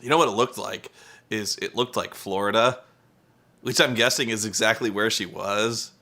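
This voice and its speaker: A man's voice: on the low side, moderate pace, pushed and bright. A man giving a profane, exasperated comedic rant while recapping a wrestling show, mimicking wrestlers.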